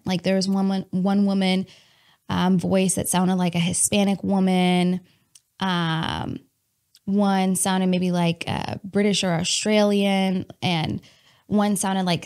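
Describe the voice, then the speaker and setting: A woman telling a personal testimony in a candid, animated way, talking to her listeners as y'all and laughing between lines. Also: medium pitch. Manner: chatty with many fillers and laughs.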